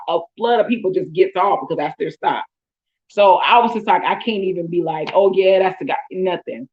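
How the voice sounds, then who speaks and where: A woman's voice: on the low side, dull audio. A woman host, telling her own story in casual talk and acting out her thoughts in quotes.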